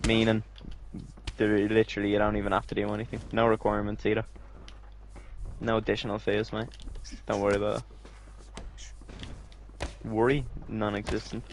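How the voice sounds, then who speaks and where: A man's voice: on the low side, flat delivery, normal speed, long pauses, slight background noise. A young man swearing and teasing a friend while they play a fighting game together. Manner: sweary, teasing, says mate constantly. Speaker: gamer. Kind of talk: casual gaming banter.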